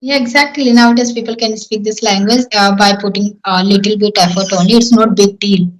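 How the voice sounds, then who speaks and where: A woman's voice: mid-range voice, steady tone, fairly quick, rough recording. Earnest Indian-accented woman. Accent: Indian English. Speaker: English-learning YouTuber. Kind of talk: casual conversation practice.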